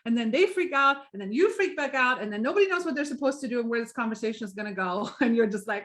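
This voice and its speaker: An upbeat middle-aged woman talks through a live training session for her sales team, chatty and encouraging. Her voice sits a little high. She keeps checking in with her listeners and acts out small scenes as she goes. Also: fast talker, few pauses, a bit bright. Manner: upbeat, chatty, often asks "right?" and acts out little examples. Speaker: direct sales team leader.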